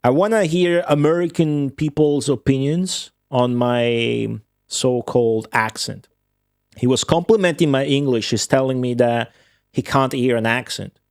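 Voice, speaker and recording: Male streamer, non-native English speaker with a slight Midwestern and Australian tinge. Mid-pitched, casual, profane running commentary, dry close mic. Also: measured pace, clear, resonant tone, no echo. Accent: slight Midwestern with a touch of Australian. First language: Italian. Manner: profane, rambling and offhand. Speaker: game streamer. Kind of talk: live gameplay commentary with chat.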